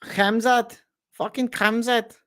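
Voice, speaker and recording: A man's voice: very high-pitched, flat delivery, pitched above the performer's own voice, full character voice. A man doing an impression of a brash, foul-mouthed male fighter with a Liverpool accent, swaggering and swearing. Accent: Liverpool (Scouse). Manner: swaggering, swearing, drawn-out shouts.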